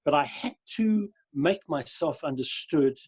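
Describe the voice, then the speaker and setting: A man in his sixties with a mild South African accent speaks slowly and clearly, with a slightly raised, husky voice. He tells good-humoured stories over a dry, dull video-call line. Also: fairly high pitch, expressive, no room sound. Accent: South African, softened by years in Europe. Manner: enunciates carefully, tells anecdotes with good humour. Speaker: guest. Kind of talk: conversational storytelling.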